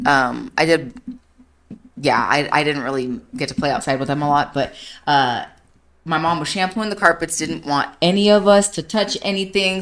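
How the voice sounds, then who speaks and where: A woman's voice: low-pitched, fairly bright tone. A woman in her thirties hosting a podcast, telling a story casually and animatedly, laughing and swearing freely. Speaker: podcast host.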